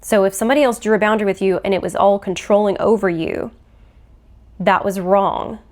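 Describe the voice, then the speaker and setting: A woman's voice: medium pitch, steady tone, a little fast, a little mellow. Earnest woman podcast host teaching. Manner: earnest, explanatory, acts out quoted phrases. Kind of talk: faith-based teaching monologue.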